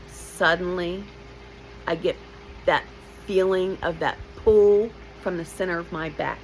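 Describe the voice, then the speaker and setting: A woman in her fifties telling a personal story in a lively, blunt way, with emotional asides to the listener. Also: fairly low pitch, slow pace, a little hiss or hum, low-quality recording.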